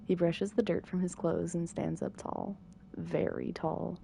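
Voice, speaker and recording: Woman narrator, low gravelly voice, calm bedtime reading of a story game. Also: a little slow, background noise. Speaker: narrator reading a visual novel.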